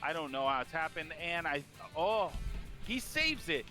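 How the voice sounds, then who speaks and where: Bright-voiced man calling a race. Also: a little high, measured pace, faint music behind. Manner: eager, builds excitement at crashes. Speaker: race commentator. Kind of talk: play-by-play commentary.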